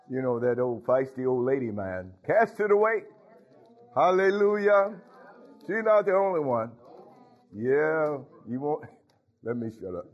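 A man with a slightly high voice, recorded with dull audio, gives an informal sermon in a small church. His folksy delivery calls out to the congregation in call-and-response, repeating phrases and chuckling.

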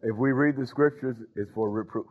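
A man's voice: mid-range voice, a little fast, slightly rough, narrow, tinny audio. A man preaching a sermon, calling out to the congregation and breaking into sung lines.

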